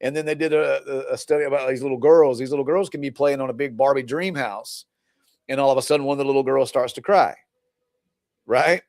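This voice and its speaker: A man's voice: medium pitch, brisk, darkish tone, no room sound. A man coaching his viewers in a loose, rambling livestream chat, laughing easily between points. His voice sits in an ordinary middle range, recorded close and dry with no room sound. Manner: rambling, chatty, laughs often. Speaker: relationship coach. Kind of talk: casual livestream talk to viewers.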